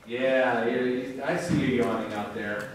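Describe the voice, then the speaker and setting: A man's voice: mid-range voice, fairly even intonation, takes it slowly, far from the mic. Guy professor lecturing in a big echoey hall, mic way off, some faint hiss. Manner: casual and joking with students. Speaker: university professor. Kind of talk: classroom lecture.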